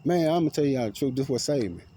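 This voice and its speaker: A man tells a rambling, profane, paranoid story outdoors, swinging between loud outbursts and low mutters. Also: animated, quick pace, slightly rough. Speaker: vlogger. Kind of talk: agitated personal storytelling to camera. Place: outdoors among trees.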